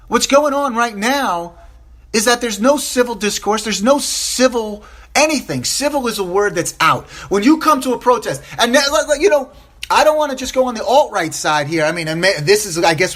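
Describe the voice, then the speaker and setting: A man's voice: high voice, fairly bright tone. A man hosting a solo opinion podcast, upset and impassioned, repeating phrases for emphasis and stumbling over restarts. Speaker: podcast host.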